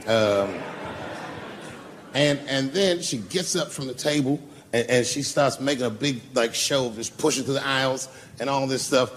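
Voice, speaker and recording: A man's voice: mid-range voice, normal speed, slight background noise. A middle-aged man doing a profane, conversational stand-up comedy set, telling stories and talking with the crowd. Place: comedy club stage before a live audience.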